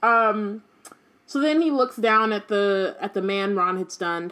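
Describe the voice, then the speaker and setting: A woman co-hosting a casual book chat, reading passages aloud and joking with quick character voices. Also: medium pitch. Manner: animated, jokey, slips into quick character voices. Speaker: podcast co-host reading and discussing a book.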